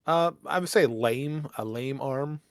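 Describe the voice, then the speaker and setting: A man's voice: mid-range voice, measured pace, no echo, studio quality. A man playing a tabletop game who jokes and laughs easily while asking the game's questions. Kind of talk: casual tabletop game play.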